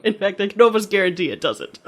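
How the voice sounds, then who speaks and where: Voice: medium pitch, animated, fast talker, fairly bright tone. A podcast co-host in casual conversation, detailed and nitpicky, laughing often. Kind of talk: casual chat.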